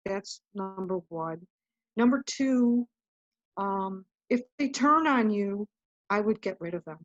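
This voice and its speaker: A guest author tells her story in a casual interview, earnest and rambling, frequently breaking off and starting over. Her mid-range voice is expressive and slow, and the dry audio sounds dull, muffled and lo-fi.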